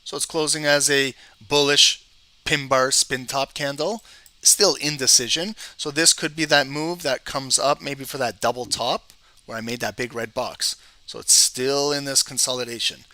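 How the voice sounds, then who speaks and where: A man's voice: medium pitch, steady tone, moderate pace, pushed and bright, no room sound. A man hosting a live trading stream, thinking aloud as he reads charts and lists price levels. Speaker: trading channel host. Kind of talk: live market commentary.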